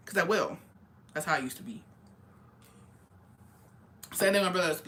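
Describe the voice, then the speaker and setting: A young woman telling a story in casual chat, swearing constantly and talking in an animated way. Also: deep voice, normal speed, pauses often. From rural area.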